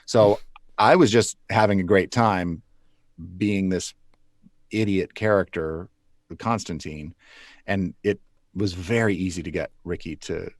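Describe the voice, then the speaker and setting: Man, very deep voice, dry close sound, rambling interview answers with chuckles. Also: unhurried, pauses often, no echo. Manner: loose, rambling with restarts and chuckles. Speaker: puppeteer guest.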